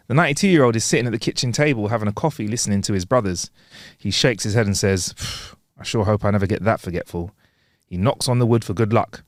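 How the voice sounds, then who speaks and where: Lively man telling jokes. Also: on the low side, quick pace, dry recording, studio quality. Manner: animated storyteller, laughs loudly at punchlines. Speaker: podcast co-host. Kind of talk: casual joke-telling chat.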